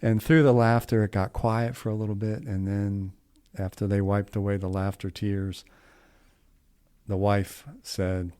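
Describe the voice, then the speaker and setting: A middle-aged man tells a story on a podcast in a relaxed, folksy way. He rambles and restarts, and tosses in asides as he goes. His voice sits a bit low. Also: a little slow, clear, resonant tone. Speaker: podcast co-host. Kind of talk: casual storytelling chat.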